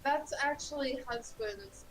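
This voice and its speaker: A woman's voice: high voice, a little slow, faint music behind, poor audio. A woman co-streamer chatting casually during a game reading, matter-of-fact. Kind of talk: casual chat while playing.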